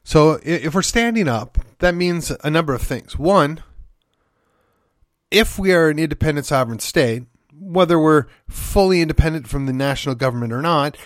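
Male podcast host from Wisconsin, fairly high voice, folksy and sardonic, dry close recording. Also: lively intonation, normal speed, no echo. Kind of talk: opinionated political monologue.

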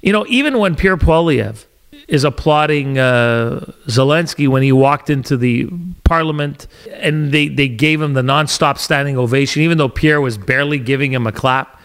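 A man's voice: medium pitch, normal speed, a bit bright, smooth. A middle-aged Canadian man hosting a solo podcast, rambling and sarcastic, often restarting his sentences. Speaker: podcast host.

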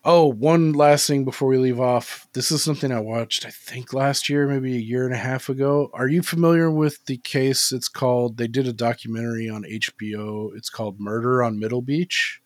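A man's voice: mid-range voice, fairly even intonation, moderate pace, few pauses, dry recording. A man co-hosting a movie podcast in loose, casual chat, peppering his talk with "like" and cheerful swearing. His voice sits mid-range and sounds dry and close, with no room around it. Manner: laid-back, swears freely, lots of "like" fillers. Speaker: podcast co-host.

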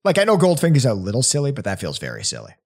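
A man co-hosting a casual podcast, playful and quick to laugh. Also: mid-range voice, wildly swooping pitch, slightly rough. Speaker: podcast co-host.

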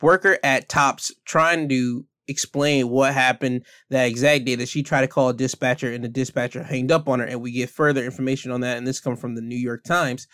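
A man's voice: mid-range voice, a bit bright, dry recording, studio quality. A man giving a blunt, heated opinion rant as a commentator, speaking emphatically.

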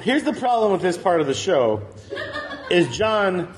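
A man co-hosting a casual comedy podcast, ranting and telling stories with plenty of swearing. His voice sits slightly high and swings widely in pitch as he acts out other people's lines. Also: measured pace, crowd noise. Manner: animated storytelling, swearing, mock voices. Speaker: podcast co-host.

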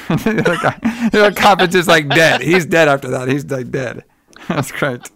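A man's voice: on the high side, moderate pace, fairly bright tone, no echo, clean studio sound. A man co-hosting a casual podcast, retelling a horror film in a loose, rambling way, swearing freely and acting out the characters' lines. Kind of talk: casual chat.

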